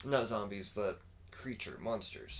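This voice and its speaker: A man co-hosting a podcast, chatting casually and animatedly about comics, swearing freely and acting out lines in quick bursts. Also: lowish voice, gravelly, highs cut off, a little hiss or hum. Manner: animated, swears often, acts out quotes. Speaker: podcast co-host. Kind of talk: casual chat.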